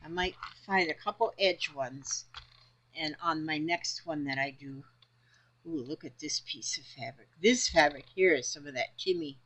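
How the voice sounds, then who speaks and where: A woman's voice: sits low, measured pace, a bit bright, rough recording. A woman chatting casually about her quilting fabric, rambling and talking half to herself. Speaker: crafting vlogger. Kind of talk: casual crafting vlog.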